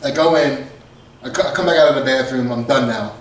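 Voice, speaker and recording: A man with a medium pitch talks a little fast, co-hosting a podcast where he tells a comedic story casually, often laughing and acting out quotes. The recording has slight background noise, an echoey room, and a distant mic.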